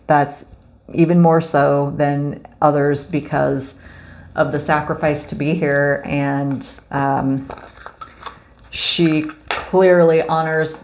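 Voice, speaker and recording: A woman's voice: sits low, creaky. A woman giving a casual oracle card reading, effusive and gushing, with many fillers. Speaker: spiritual card reader.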